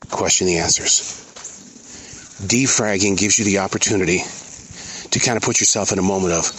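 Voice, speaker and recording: A man hosting a podcast, speaking his thoughts out loud while outdoors in a forest, earnest and given to pauses and repeats. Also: low voice, slight background noise. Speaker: podcast host. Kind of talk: reflective outdoor monologue.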